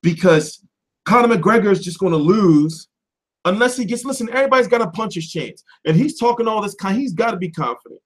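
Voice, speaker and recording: A man hosting a boxing livestream from home, ranting off the cuff with lots of swearing, switching between loud outbursts and mumbled asides. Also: sits high, animated, fairly quick. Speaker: boxing commentary livestream host. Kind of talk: profane off-the-cuff rant.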